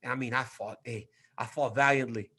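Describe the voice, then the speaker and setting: A man in his forties, a former fighter co-hosting a casual chat, telling lively stories and acting out what others said, often repeating his words. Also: mid-range voice, a little fast, a crowd in the background. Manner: animated storyteller, acts out quotes, repeats words.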